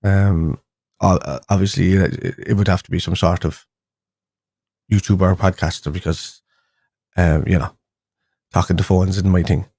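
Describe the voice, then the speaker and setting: A man's voice: sits low, fairly even intonation, normal speed, long pauses, a little mellow, slightly rough, dry recording, clean studio sound. A young man hosting a casual fan live stream, chatting loosely with viewers and rambling through restarts and fillers. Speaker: fan show host.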